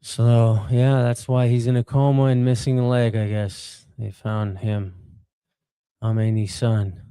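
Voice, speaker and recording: A man's voice: medium pitch, little pitch movement, unhurried, warm tone, clean tone, dry recording, clean studio sound. A man hosting a livestream, giving blunt, profane, sarcastic reactions to clips while slightly out of breath from push-ups. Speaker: livestream host reacting to videos. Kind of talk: casual reaction commentary.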